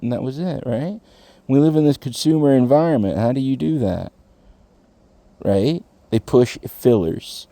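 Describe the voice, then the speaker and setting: A man's voice: fairly low pitch, vocal fry, warm tone, no room sound. A young man ranting casually in a rambling, profane way, laughing now and then. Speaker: commentator.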